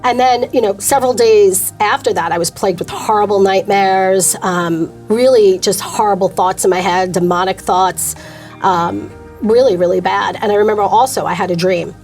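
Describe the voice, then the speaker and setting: A woman's voice: medium pitch, moderate pace, darkish tone, soft background music. A middle-aged woman, a guest on an interview show, telling her personal faith story candidly and emotionally.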